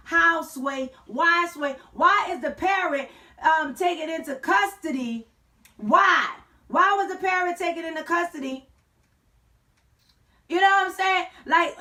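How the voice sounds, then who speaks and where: A woman's voice: high-pitched, recorded from a distance. A woman hosting an online talk show, telling a story with playful slang and a sassy, joking manner. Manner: sassy, playful slang, sings and shouts for effect.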